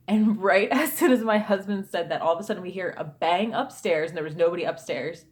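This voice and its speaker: A woman's voice: lowish voice, a little fast, hardly any pauses. A woman in her thirties telling a true ghost story to camera in a chatty storytime vlog, with lots of fillers and asides. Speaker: YouTuber.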